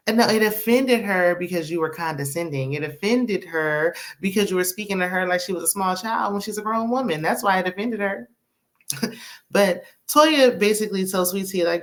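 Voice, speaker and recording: A woman's voice: mid-range voice, expressive, measured pace, a bit bright. A woman recapping a reality show in a casual, sassy way, laughing often and tossing in "okay?" and "honey". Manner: laughs often while talking.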